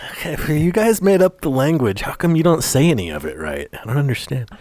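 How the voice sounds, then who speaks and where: A man's voice: a little high, sing-song, a little fast, a little mellow, no room sound. A man from the United States co-hosting a podcast in loose, profane, laughing banter. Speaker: podcast co-host. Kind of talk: casual podcast chat.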